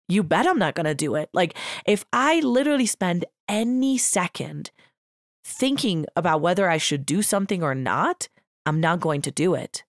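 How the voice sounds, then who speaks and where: A woman's voice: fairly low pitch, expressive, moderate pace, no room sound, studio quality. A young woman hosting a podcast, giving a casual, emphatic motivational monologue full of filler words. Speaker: podcast host.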